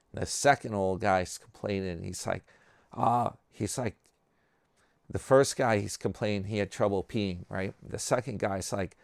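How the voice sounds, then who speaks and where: A man's voice: on the low side, a little slow, vocal fry, darkish tone, dry recording, studio quality. A man hosting his channel in casual chat, rambling and self-mocking, with frequent slang asides. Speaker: channel host.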